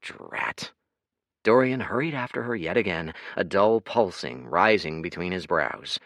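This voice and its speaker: A man narrating an audiobook in an expressive, dramatic reading. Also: low voice, moderate pace, dry recording.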